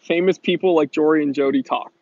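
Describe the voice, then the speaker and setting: A man with a fairly high voice talks casually on a live stream, answering viewer questions with lots of restarts and fillers. The sound is dry and close, with a slightly dull, lo-fi quality. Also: fairly even intonation, a little fast, a little mellow, no echo. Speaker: watch shop owner hosting a live stream.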